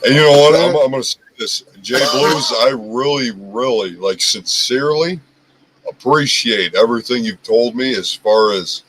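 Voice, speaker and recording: A man with a deep voice hosting a casual chat, talking earnestly and candidly with many restarts. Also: lively intonation, moderate pace, background noise. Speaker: host.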